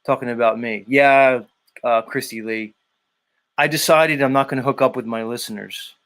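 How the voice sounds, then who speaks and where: A man's voice: mid-range voice, fairly even intonation, normal speed, fairly bright tone. Teasing man hosting a live stream. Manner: blunt, teasing, swears freely. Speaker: live stream show host. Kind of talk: casual live stream chat, reading chat messages.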